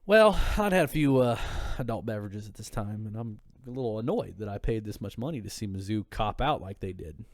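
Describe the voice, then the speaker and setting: A man's voice: lowish voice, lively intonation, a little fast, few pauses, no room sound, studio quality. Profane, heated man telling a story. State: tipsy. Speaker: podcast guest. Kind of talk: casual drunk podcast chat.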